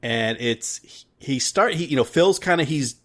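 A man's voice: medium pitch, lively intonation, unhurried, a bit bright. A man co-hosting a podcast in casual chat, rambling with restarts and frequent laughter. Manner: rambling, many restarts and fillers, laughs often. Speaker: podcast co-host.

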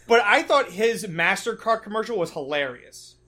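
Man, podcast co-host, high voice, bright and sharp, rambling storyteller. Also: moderate pace. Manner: rambling, animated storyteller with many fillers. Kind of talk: casual podcast chat.

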